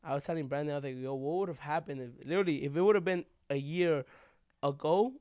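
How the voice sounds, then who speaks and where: Fast-talking young man telling a story. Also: on the high side, darkish tone, clean tone, no room sound. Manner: rambling, heartfelt, peppered with "bro" and "like". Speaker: podcast co-host. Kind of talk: casual storytelling chat.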